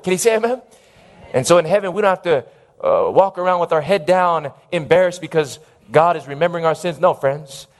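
Male preacher, high-pitched, animated sermon delivery with calls for amen. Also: brisk.

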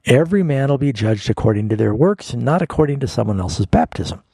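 Gravelly dark-voiced pastor answering callers. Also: male voice, medium pitch, lively intonation, fairly quick, dry recording. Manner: explanatory, folksy, patient. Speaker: radio Bible program host, pastor. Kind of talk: call-in Bible answers.

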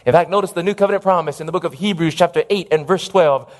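A man's voice: fairly high pitch, fast, few pauses. A man preaching a sermon, emphatic in his delivery and often calling out for an amen. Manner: emphatic, calls for audience amens.

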